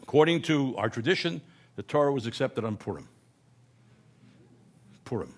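A man's voice: medium pitch, expressive, moderate pace. A man giving a humorous lecture in a conversational way, often asking "right?" and correcting himself mid-word.

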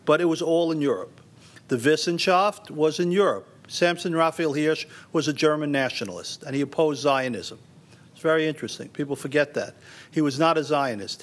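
A man giving a lecture in an emphatic way, repeating phrases for stress and addressing the audience directly. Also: on the high side. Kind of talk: university lecture.

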